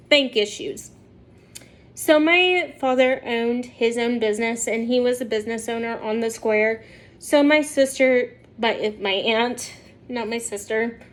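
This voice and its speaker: A woman vlogger telling a story to her viewers in a chatty way, often laughing as she talks. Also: a little high. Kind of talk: casual storytelling to camera.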